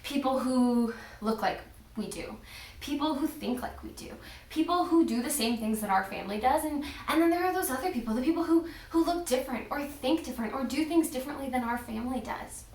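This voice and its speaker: A woman giving a children's message at church, telling a story in an animated, expressive way to kids. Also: high voice, brisk. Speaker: children's minister. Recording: echoey room, far from the mic.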